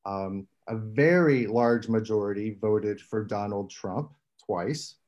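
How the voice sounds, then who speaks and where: A man with a faint Southern accent hosting an interview, asking long, measured questions full of fillers and restarts. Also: lowish voice, a little mellow, muffled recording. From Southern West Virginia. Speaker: interviewer host. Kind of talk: conversational interview.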